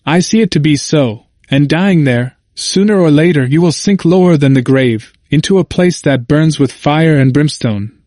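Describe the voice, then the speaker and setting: An anguished, burdened pilgrim, read by a man who pleads in earnest, old-fashioned speech. His voice sits a touch higher than the narration. The recording is dry and close. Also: animated, normal speed, few pauses, a little mellow, no room sound, lightly acted. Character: anguished burdened male pilgrim seeking salvation.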